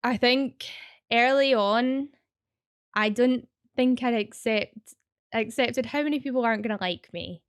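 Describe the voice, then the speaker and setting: A young Scottish woman, chatting as an interview guest, her words tumbling out with constant "like" fillers. Her voice sits a touch high and sounds smooth and clear, recorded close and dry with no room sound. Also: no room sound. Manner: rapid, chatty, full of "like" fillers. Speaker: guest, streamer. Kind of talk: casual interview chat.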